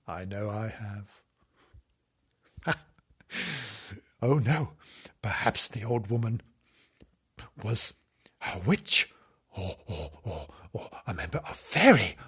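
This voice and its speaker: Slow, giggly, husky man reading a story. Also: fairly low pitch, animated, fairly bright tone. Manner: giggly, innuendo-laden asides. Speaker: reader and comic host. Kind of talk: comic reading of a children's story.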